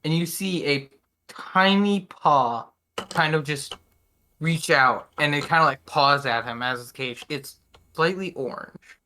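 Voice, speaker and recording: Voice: medium pitch, measured pace, bright, forceful tone. A game master narrating a tabletop game in a hesitant way, with many ums and restarts.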